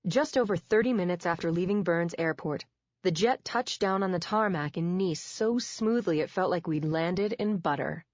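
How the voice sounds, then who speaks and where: A woman narrating a first-person audiobook in a wry, measured way, close to a studio mic. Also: fairly low pitch, a little mellow, no room sound. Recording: dull dry studio read.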